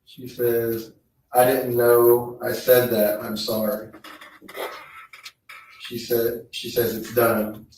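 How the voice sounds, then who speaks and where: Slow, flat-voiced man reading in court. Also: mid-range voice, slight background noise. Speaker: trial witness. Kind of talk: reading text messages aloud in court. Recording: echoey courtroom feed, distant mic.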